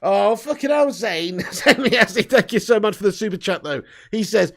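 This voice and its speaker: A man in his thirties hosting a live football fan stream, joking, laughing and shouting out viewers. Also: sits high, expressive, moderate pace, few pauses. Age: 30s. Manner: laughing, jokey, loud shout-outs. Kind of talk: casual live-stream banter.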